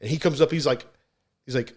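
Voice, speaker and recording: A man, a podcast guest, telling a story in a casual, animated way, full of "like" and restarts. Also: mid-range voice, brisk. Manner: animated, rambling, heavy use of "like".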